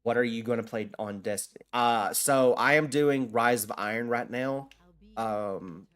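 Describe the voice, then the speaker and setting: This gaming streamer has a medium-pitched, slightly bright voice and takes his time. Answering his viewers, he wanders loosely from point to point, often starting over and leaning on filler words.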